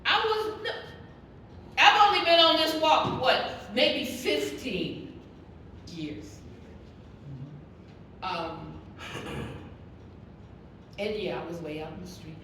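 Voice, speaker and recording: Animated woman leading a Bible study. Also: on the high side, slow, pauses often. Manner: animated storytelling, acting out quoted voices. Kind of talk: testimony-style Bible teaching. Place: church hall. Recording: echoey room from a distance, with background noise.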